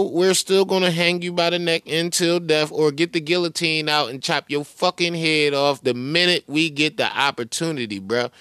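A man on a podcast rants with crude street slang and heavy profanity, repeating the words of the clips back in mockery. His voice sits a bit high. The sound is dry and close. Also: fairly bright tone, smooth, no echo. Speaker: podcast host. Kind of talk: profane commentary rant over played clips.

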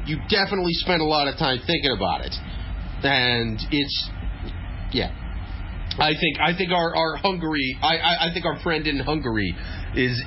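A man's voice: a little high, muffled recording, slight background noise. A man co-hosting a podcast, riffing crudely and swearing freely. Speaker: podcast co-host. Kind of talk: casual podcast chat.

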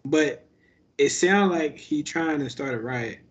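A man with a high voice pushes back in casual podcast banter, blunt and skeptical. He swears freely and keeps his challenges short. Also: a little slow, muffled recording. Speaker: podcast co-host.

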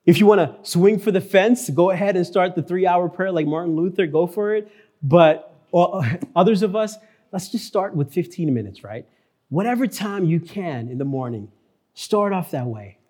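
A male pastor preaching a sermon in church, earnest, repeating key phrases and slowing down for emphasis. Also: sits high, dark tone.

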